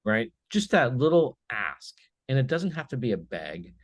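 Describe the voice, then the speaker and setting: A man on a podcast as a guest, chatting casually and telling animated stories with little acted-out bits of dialogue. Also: mid-range voice, normal speed, no room sound. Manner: animated storyteller who acts out little dialogues. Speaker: podcast guest, business owner. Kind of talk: casual conversation.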